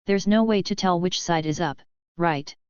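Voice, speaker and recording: A kind-hearted teenage girl who talks in a hurried, worried way, voiced plainly by a woman narrating a story. The voice is lowish and very smooth, with dull, dry audio. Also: a little mellow, no echo, close to an everyday voice.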